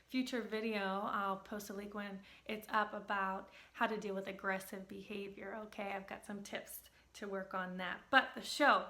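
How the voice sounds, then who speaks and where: A woman's voice: mid-range voice, fairly bright tone. A woman speech-language pathologist giving parenting tips in an upbeat, chatty way, often checking in with "okay?".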